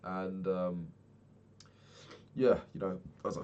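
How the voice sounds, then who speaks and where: A young man chatting casually while playing a game, rambling and swearing, sounding low and sad. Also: flat delivery, takes it slowly, long pauses, mellow, lo-fi sound, a little hiss or hum. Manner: swears often, rambling and candid. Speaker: Minecraft vlogger.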